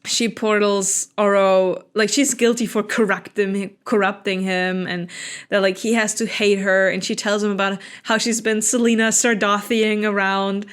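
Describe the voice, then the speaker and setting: A woman co-hosting a podcast, recapping a book plot in casual chat and quickly acting out the characters' lines. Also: mid-range voice, smooth. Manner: animated, acts out characters' lines in quick asides, laughs often. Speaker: podcast co-host.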